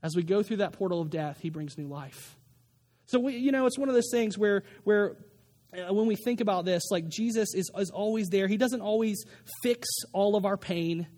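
A man's voice: sits high, moderate pace, a little mellow. A man in his thirties preaching a sermon in a conversational way, with many fillers and restarts. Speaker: pastor.

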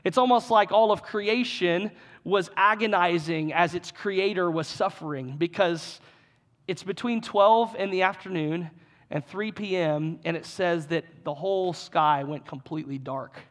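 High-voiced man preaching earnestly. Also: measured pace, a bit bright. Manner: earnest, conversational preaching with frequent restarts and emphatic repetition. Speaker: pastor. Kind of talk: sermon.

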